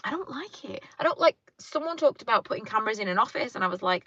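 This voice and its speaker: Chatty woman, bright, dry sound. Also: fairly high pitch, animated, fast, few pauses, no room sound, muffled recording. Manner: chatty, rambling, lots of fillers. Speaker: vlogger reading viewer comments. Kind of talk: casual car chat live stream. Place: inside a parked car.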